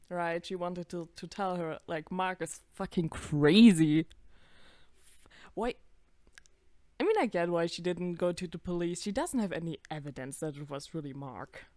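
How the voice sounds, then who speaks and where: A woman's voice: fairly low pitch, expressive, unhurried, a little mellow, no room sound. A woman in her twenties giving casual reaction commentary, chatty, swearing freely and laughing at herself. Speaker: video creator.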